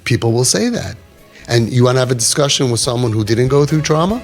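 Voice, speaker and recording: A man's voice: medium pitch, quick pace, faint music behind. A man counseling parents in a group, talking animatedly, repeating phrases and acting out what people say. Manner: animated, repeats himself, acts out quoted people. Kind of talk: advice talk to parents.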